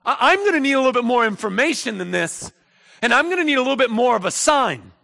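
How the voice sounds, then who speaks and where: A man's voice: very high voice, big pitch swings, quick pace, gravelly, sharp tone, pitched above the performer's own voice, full character voice. A man voicing a doubting, skeptical old priest who lists his protests. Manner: protesting, listing objections. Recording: echoey hall.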